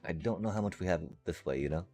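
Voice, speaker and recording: Over soft background music, a fast-talking man with a low, warm voice chats playfully with his viewers while livestreaming a game. He rambles casually and speaks straight to the chat.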